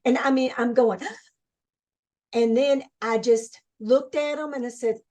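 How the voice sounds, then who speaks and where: A woman speaking as a webinar guest, telling her spiritual experiences with excited energy, restarting sentences as her thoughts rush ahead. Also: on the high side, takes it slowly. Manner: enthusiastic, spiritual, talks in bursts with restarts. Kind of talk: excited personal storytelling.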